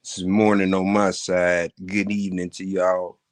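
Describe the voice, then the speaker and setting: A man co-hosting a livestream, giving laid-back, drawling greetings and shout-outs. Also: low voice, level tone, a little slow. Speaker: co-host.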